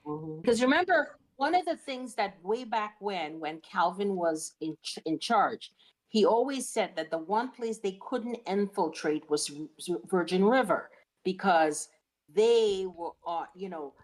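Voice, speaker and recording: A woman co-hosting a podcast, chiming in with agreement and quick reminders about earlier episodes. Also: mid-range voice, animated, rough recording. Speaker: podcast co-host. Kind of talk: casual recap chat.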